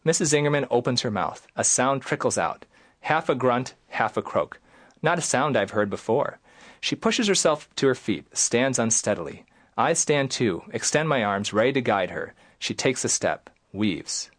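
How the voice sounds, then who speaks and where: A young man from Michigan reads his own memoir with a very lively, swinging pitch. He jumps into loud, high voices for the people in the story, then drops back to plain telling. His voice sits in a middle register. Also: moderate pace. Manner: animated, jumps into loud high acted lines while reading. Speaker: author and plastic surgeon, guest. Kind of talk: interview, then reading his memoir aloud.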